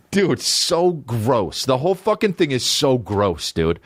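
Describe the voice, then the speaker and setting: A man hosting a comedy podcast, ranting in a profane, animated way and breaking into character voices. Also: medium pitch, a little slow, hardly any pauses.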